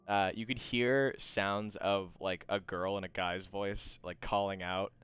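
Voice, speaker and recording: A man's voice: lowish voice, fairly even intonation, unhurried, few pauses, a bit bright, faint music behind. A man narrating as game master in a rambling, playful way that often interrupts itself. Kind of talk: running a tabletop game.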